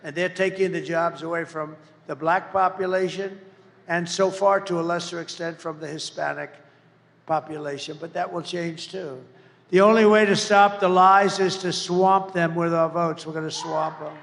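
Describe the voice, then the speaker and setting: A political candidate speaks at a large rally venue, his voice on the high side and fairly bright, with fairly even intonation and a moderate pace. He delivers a boastful, rambling campaign speech, mocking his opponents along the way. The recording has an echoey hall sound and faint background noise.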